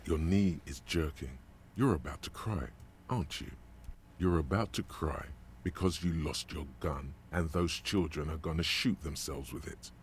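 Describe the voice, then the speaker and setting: A man's voice: extremely low pitch, normal speed, slight background noise. An actor voicing a stern, scornful male inner-voice narrator in a video game, cutting and commanding. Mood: mocking.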